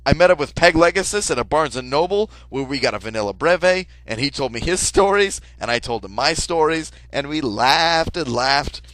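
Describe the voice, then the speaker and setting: A young man telling an absurd comic story in a casual, deadpan way, peppered with swearing and "like". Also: on the high side, moderate pace, few pauses, no echo, poor audio. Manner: casual, deadpan, profane, lots of "like".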